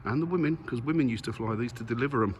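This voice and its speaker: Rapid-fire and medium-pitched, a man films himself on a handheld camera touring a museum's grounds and aircraft halls, chatting to viewers with real enthusiasm in casual vlog style. The recording picks up noisy background ambience.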